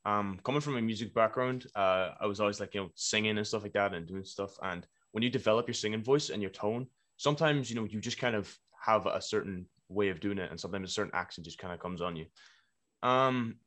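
Fast-talking young Irish man, low voice. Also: a bit bright. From Ireland. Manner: laid-back, laughs easily, playful. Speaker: rapper guest. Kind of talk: casual interview chat.

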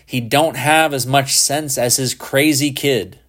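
A defiant delinquent boy snarls and hisses his accusations, slow and venomous, pitched well above the reader's low voice, as a man puts him on. He sounds like a storybook troublemaker with a bitter grudge. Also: a bit bright.

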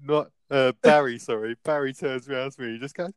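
A man's voice: mid-range voice, fairly even intonation, fairly quick, clear, resonant tone, no echo. A young man casually telling a rambling anecdote as podcast co-host, laughing often. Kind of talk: casual storytelling.

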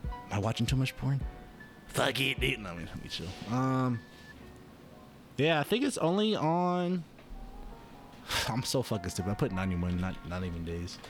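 A man's voice: mid-range voice, sing-song, normal speed, long pauses, soft background music. A man talking casually to his viewers in a rambling, profane monologue that keeps interrupting itself. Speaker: vlogger.

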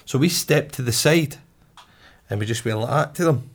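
A man's voice: mid-range voice, moderate pace. A man with a Glaswegian accent telling a story in casual chat, laughing often and swearing freely. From Glasgow, Scotland.

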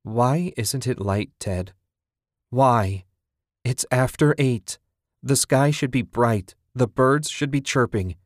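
A male narrator voicing a frightened, insistent wife with a raised, sharp-edged voice in a spoken story. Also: mid-range voice, unhurried, dry recording, clean studio sound, natural voice.

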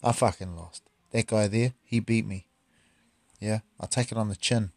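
A man's voice: lowish voice, fairly even intonation, normal speed, a little mellow, no echo. Blunt, profane New man. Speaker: martial artist. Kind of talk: casual monologue.

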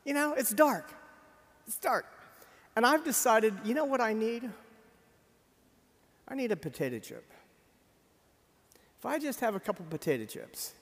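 A middle-aged man, a pastor preaching at a memorial service, telling a story with animated swings from loud emphasis to quiet. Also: very high-pitched, a little slow, long pauses. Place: church sanctuary. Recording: long reverb of a church hall.

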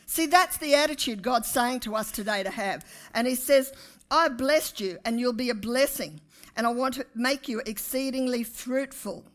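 A woman preaches to her church, her fairly high voice lifting to loud peaks on key lines. She speaks straight to the congregation and draws them into an animated sermon. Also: moderate pace. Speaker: pastor.

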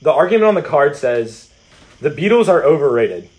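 A man's voice: fairly high pitch, big pitch swings, moderate pace, crowd noise, rough recording. A young man hosting a casual podcast, laid-back and a little hesitant, with frequent fillers. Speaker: podcast host. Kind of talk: casual chat.

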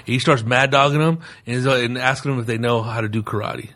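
A man co-hosting a podcast in casual chat, slangy and quick to tell his own story. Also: medium pitch, a bit bright. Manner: slangy, says dude. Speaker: podcast co-host.

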